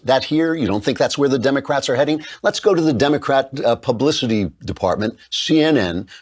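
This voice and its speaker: A man's voice: on the low side, slightly rough. A middle-aged man hosting a show, delivering emphatic, combative opinion commentary. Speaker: political commentary host.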